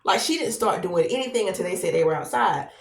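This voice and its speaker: A woman in her thirties, a podcast host telling a long personal story in a casual, animated way, repeating herself as she goes. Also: on the low side, gravelly. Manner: animated, conversational, drawn-out repetitions. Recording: roomy echo, distant from mic.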